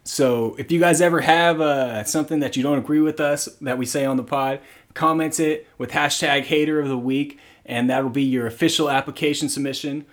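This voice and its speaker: A young man co-hosting a sports podcast, telling stories in a relaxed, casual chat. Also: a little high, brisk. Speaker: podcast co-host.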